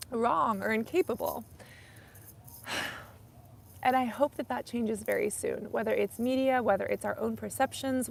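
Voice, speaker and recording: Chatty young woman with a gravelly edge. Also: fairly high pitch. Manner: chatty, rambling, frequent "like" and "you know". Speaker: skincare YouTuber hosting a live stream. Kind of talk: casual live-stream chat.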